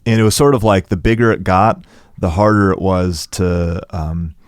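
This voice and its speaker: A man guest on a podcast speaking reflectively in casual interview chat, with many halting restarts. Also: low voice, clear, resonant tone, no room sound, clean studio sound. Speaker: musician guest.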